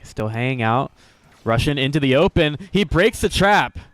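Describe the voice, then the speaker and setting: A man calls a video game match play-by-play with upbeat energy and a running thread of self-mocking jokes. His voice is smooth and resonant at an ordinary male pitch. The recording is dry and close. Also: animated, moderate pace, fairly bright tone, dry recording. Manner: upbeat, jokey, self-deprecating, chuckles often. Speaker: esports commentator.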